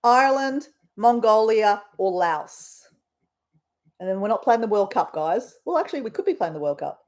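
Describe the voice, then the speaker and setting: A woman's voice: mid-range voice, expressive, normal speed. An Australian woman hosting a casual live stream, chatting in a rambling way with her viewers. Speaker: livestream host.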